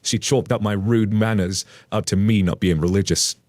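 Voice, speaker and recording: A man's voice: on the low side, fairly even intonation, normal speed, darkish tone, no room sound. A man hosting a channel where he reads online stories aloud and adds blunt, casual commentary with the odd swear word. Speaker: narrator and host.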